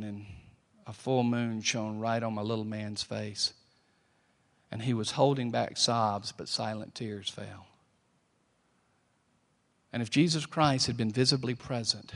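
A middle-aged man preaching a sermon, telling a personal story and swinging from quiet, slow lines to loud ones. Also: mid-range voice. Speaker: pastor.

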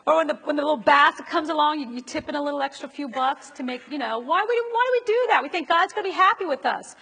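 A woman's voice: high-pitched, animated, fast talker, creaky, sharp tone. A woman preacher giving a conversational sermon and asking her listeners rhetorical questions. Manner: asks the audience rhetorical questions. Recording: long reverb of a large hall.

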